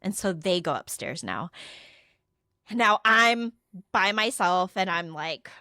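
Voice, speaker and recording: A woman's voice: mid-range voice, expressive, slow, sharp tone, no room sound, clean studio sound. A young adult woman co-hosting a podcast, casually telling a story, acting out quotes and swearing freely. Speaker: podcast co-host.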